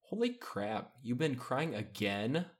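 A man's voice: mid-range voice, very animated, takes it slowly. Man doing a sneering older teen girl. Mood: mocking. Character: condescending older teen girl, casually cruel.

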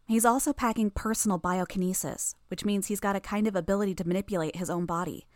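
A woman voicing a sharp-tongued, smug teenage girl villain who rattles off quick explanations in a storybook reading. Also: medium pitch, fairly even intonation, no room sound, clean studio sound, close to an everyday voice. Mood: knowing, urgent.

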